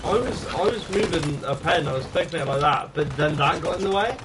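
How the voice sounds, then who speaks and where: A man co-hosting a casual podcast, halting and restarting, trading dry quips. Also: on the high side, expressive. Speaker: podcast co-host. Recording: distant mic with clear background noise.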